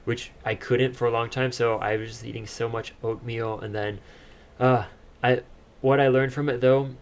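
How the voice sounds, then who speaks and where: A man's voice: medium pitch, normal speed. Young man telling a story. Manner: animated storytelling, laughs often. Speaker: podcast co-host. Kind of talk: casual chat.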